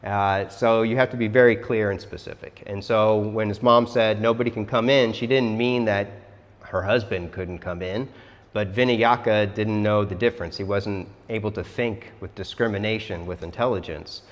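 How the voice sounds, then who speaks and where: A man telling a myth as a casual lesson in a chatty, relaxed way, often saying "like". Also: on the low side, normal speed. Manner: chatty, relaxed, says "like" a lot. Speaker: yoga teacher. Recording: long hall reverb.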